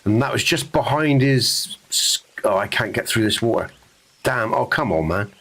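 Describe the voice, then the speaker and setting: A man's voice: mid-range voice, animated, moderate pace, a bit bright. A laid-back man from Scotland hosting a hunting game stream, swearing often and laughing easily. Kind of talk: casual gaming chat.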